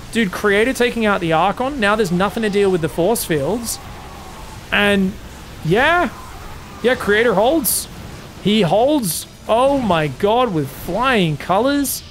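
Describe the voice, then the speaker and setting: Working as an esports caster, a man gives excitable, casual play-by-play of a live strategy game match, swinging between hype and relaxed chat with viewers. His voice sits high.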